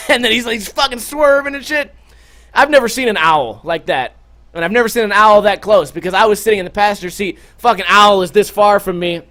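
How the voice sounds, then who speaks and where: A man's voice: high voice, brisk. A young man vlogging, telling stories casually with lots of swearing and sound effects. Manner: animated, profane, with sound effects. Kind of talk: casual storytelling to camera.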